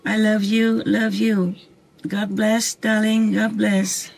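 A woman speaking as a spiritual teacher, soft-spoken and measured, with pauses between short phrases. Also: mid-range voice, level tone, creaky, poor audio. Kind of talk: slow spiritual talk to followers.

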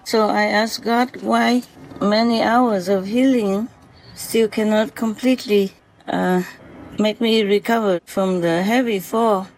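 A woman speaking tenderly and gently, repeating blessings and reassurances as she talks to an animal at night and later recounts it. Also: mid-range voice, fairly even intonation, slow, low-quality recording. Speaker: spiritual vlogger.

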